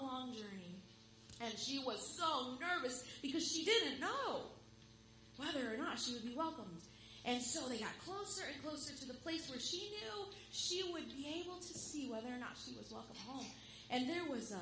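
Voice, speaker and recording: A woman telling a story as a children's sermon in a church service, expressive and building excitement. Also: sits high. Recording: echoey room with steady hum.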